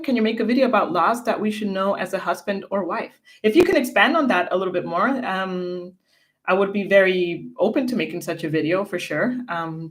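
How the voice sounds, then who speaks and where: A woman co-hosting a casual livestream, chatting and reading viewer comments aloud from a home setup. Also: mid-range voice. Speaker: livestream co-host.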